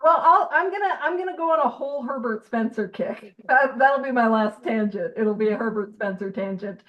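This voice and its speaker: High-voiced woman leading a recovery study. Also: fairly quick, dull audio. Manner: lively, joking, emphatic. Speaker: meeting chair reading aloud. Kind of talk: recovery meeting group study.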